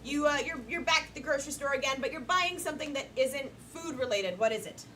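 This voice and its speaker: Upbeat woman host, high voice, live club with loud crowd noise. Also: quick pace. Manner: upbeat, joking with the audience. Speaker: improv show host. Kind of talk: live improv hosting. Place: comedy club stage.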